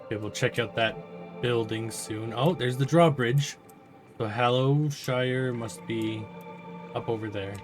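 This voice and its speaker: Gamer man, mid pitch, casual low-key playthrough commentary, muttering asides. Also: measured pace, over music. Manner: quiet, muttered asides to himself. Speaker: gamer playing through a game. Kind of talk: casual let's-play commentary.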